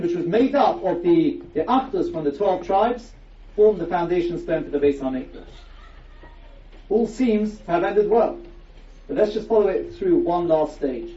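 A rabbi leads a Torah class, explaining with emphatic rhetorical questions in a fairly high-pitched, dark-toned voice. The sound is echoey, distant and dull.

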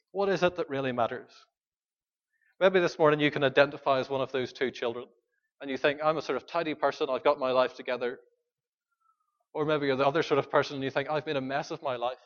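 Male pastor, earnest sermon delivery, lo-fi church recording. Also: medium pitch. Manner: earnest, pleading, questions the congregation.

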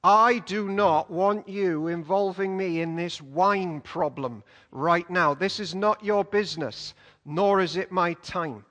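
A firm, gentle male teacher speaks slowly and deliberately, as a preacher voices him. The voice sits a little lower than the speaker's usual pitch and rings through a large hall. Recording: long hall reverb.

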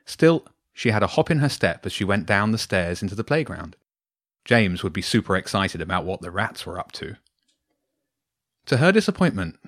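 A man reading his own bedtime story aloud to two boys, with a lively, expressive delivery. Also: lowish voice, dry recording, studio quality.

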